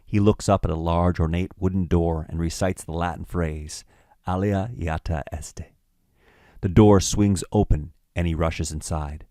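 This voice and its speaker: Deep-voiced man reading stage directions. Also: fairly even intonation, mellow, no echo, clean studio sound. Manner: measured, matter-of-fact reading. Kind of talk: scripted narration of a screenplay.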